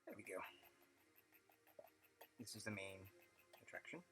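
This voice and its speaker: A man hosting a live stream, talking casually and haltingly with many fillers, away from the microphone. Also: fairly low pitch, lively intonation. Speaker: livestream host. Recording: distant mic under loud music.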